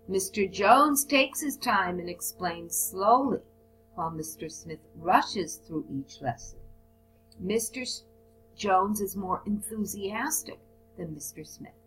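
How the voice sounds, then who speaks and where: A woman's voice: medium pitch, fairly bright tone, low-quality recording. A woman teaching a recorded business English lesson, reading example phrases aloud and then explaining them. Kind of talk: recorded lesson on report writing.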